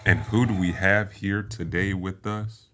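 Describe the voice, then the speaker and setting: A man's voice: low-pitched, steady tone, unhurried, pushed and bright, some chatter behind, a little hiss or hum. A man co-hosting a podcast, joking bluntly and swearing freely in casual banter. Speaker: podcast co-host.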